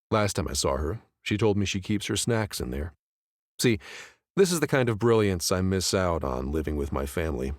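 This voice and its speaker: A man's voice: on the low side, no echo. A man narrating a first-person romance audiobook in a casual, wry, conversational way, close to the mic.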